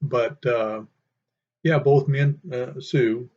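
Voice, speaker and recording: Older male storyteller, slow and rambling; dull lo-fi recording. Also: mid-range voice, steady tone, darkish tone. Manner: rambling, with many fillers. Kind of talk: casual reminiscing. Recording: dull lo-fi sound.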